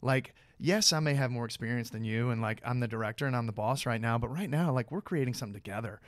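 Man, podcast guest, casual storytelling, filler-heavy restarts, middle pitch, dry recording. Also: quick pace, no echo. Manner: animated anecdotes, many fillers and restarts. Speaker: guest actor.

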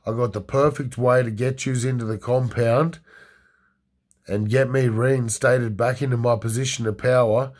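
A man's voice: medium pitch, steady tone, moderate pace, a little mellow, close to an everyday voice. A man doing Carlos, a scheming rich older man.

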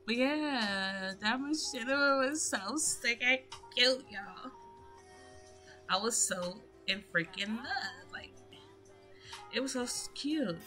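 A woman's voice: a little high, lively intonation, takes it slowly, pushed and bright. A woman giving casual, chatty gameplay commentary in slangy speech, addressing her viewers directly. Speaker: gaming YouTuber. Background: music.

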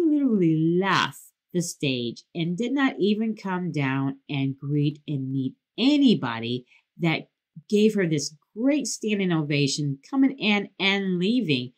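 Animated woman telling a story. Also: a little slow. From Detroit. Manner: animated, acts out quotes in a lively higher voice. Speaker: podcast host. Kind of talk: casual storytelling monologue.

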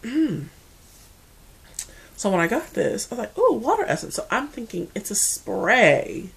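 A woman from the Mid-Atlantic United States with an American accent, chatting casually to camera as a beauty vlogger, animated and full of asides. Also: medium pitch, a little slow, gravelly, husky.

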